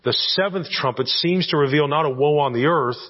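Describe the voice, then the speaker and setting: A man's voice: a little high, fairly quick, highs cut off. A man preaching an expository sermon as pastor, teaching verse by verse and checking in with his listeners with rhetorical questions.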